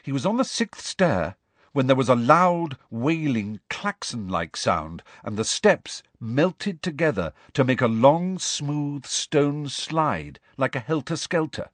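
A man reads a storybook as an audiobook narrator, expressively shifting his voice for each character in this scripted narration. His pitch is medium and his pace slow, with no echo.

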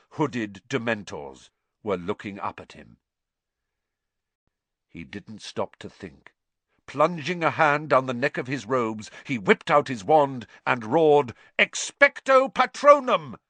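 A man with a mid-range voice narrates a story aloud like an audiobook reader, lively and dramatic. The recording is dry.

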